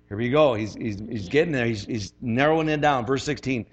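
A man's voice: medium pitch, lively intonation, fairly quick, hardly any pauses, dull audio. A man preaching as a pastor, conversational and emphatic, often repeating his phrases. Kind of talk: sermon.

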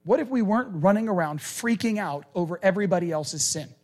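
A male preacher giving a conversational, animated sermon and acting out quoted lines. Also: high voice, fast talker.

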